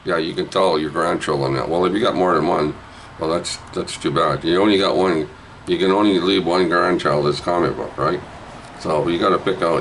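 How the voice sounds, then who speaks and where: A man rambling through a jokey casual sales pitch for a comic book, dropping to low mutters and jumping up to loud hype. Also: normal speed, slight background noise, rough recording. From Canada. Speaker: vlogger auctioning a comic book.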